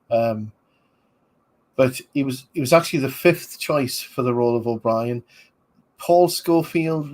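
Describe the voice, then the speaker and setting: A man, rambling casually as a podcast host reviewing a film, with many fillers. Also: medium pitch. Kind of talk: casual movie commentary.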